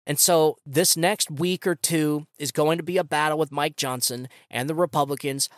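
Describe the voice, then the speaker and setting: Sarcastic ranting podcast host, dry sound. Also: male voice, on the high side, moderate pace, hardly any pauses, no room sound. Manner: ranting, sarcastic, casual slang. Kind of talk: political commentary podcast.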